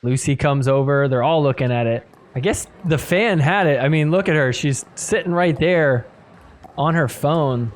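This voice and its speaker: Animated man recapping match clips. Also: fairly high pitch, moderate pace. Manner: animated, acts out players' reactions. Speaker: podcast host.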